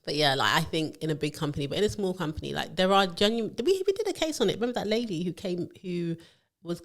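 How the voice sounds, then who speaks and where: A woman, co-hosting a casual podcast chat about work and telling stories with lively acted-out quotes. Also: fairly low pitch, quick pace. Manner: animated storytelling, acts out quotes. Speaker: podcast co-host, HR professional.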